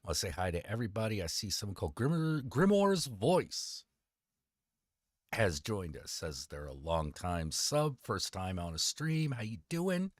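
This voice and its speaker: Deep-voiced theatrical streamer man. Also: sing-song, moderate pace, no room sound, clean studio sound. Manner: theatrical showman persona. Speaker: streamer host. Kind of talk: casual stream greeting.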